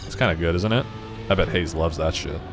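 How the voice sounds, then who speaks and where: A man's voice: low voice, fairly quick. A man streaming a racing game, chatting casually and rambling to his viewers. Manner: chatty, rambling, talks to chat. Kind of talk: casual live-stream chat while gaming. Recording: game music loud behind voice. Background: game music and car sounds.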